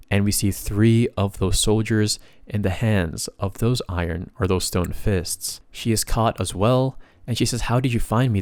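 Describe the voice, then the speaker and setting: A man's voice: on the low side, a little mellow, no room sound. A man narrating a comic story recap in a casual, plain retelling style with bits of slang.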